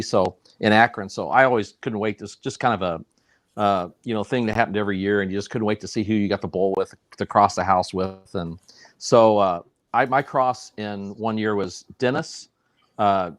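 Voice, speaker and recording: Low-voiced man, dry close sound. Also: no room sound. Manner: relaxed, reminiscing anecdote teller. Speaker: host. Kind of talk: casual podcast chat.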